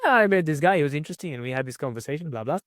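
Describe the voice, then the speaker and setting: A woman's voice: deep voice, lively intonation, rapid-fire, no room sound, clean studio sound. A man voicing a chatty young daughter who rambles eagerly to her father about a guy she met.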